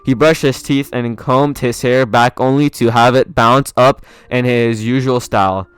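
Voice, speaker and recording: A man reading a fan story aloud in a soft, steady, slightly halting way. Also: medium pitch, clear, resonant tone, dry recording. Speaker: fan fiction reader.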